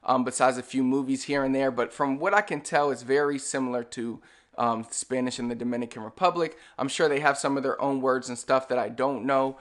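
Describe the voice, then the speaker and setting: Brief: Puerto Rican man, mid-pitched, casual teacher, slow repeated examples. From Puerto Rico. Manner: relaxed, repeats example words slowly with demonstration. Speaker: Spanish language teacher. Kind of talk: casual explanatory lesson.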